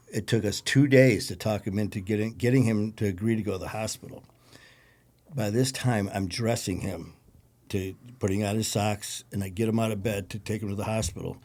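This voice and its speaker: A man with a Detroit accent, a podcast guest recounting a personal story in a low-key, conversational way. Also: a little mellow. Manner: gravelly, low-key storytelling with acted quotes.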